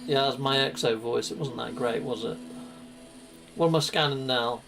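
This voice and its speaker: A man's voice: medium pitch, normal speed, vocal fry, fairly bright tone, a little hiss or hum. A man giving chatty, playful live commentary on his gameplay and greeting viewers, with goofy exclamations. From United Kingdom. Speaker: gaming live streamer.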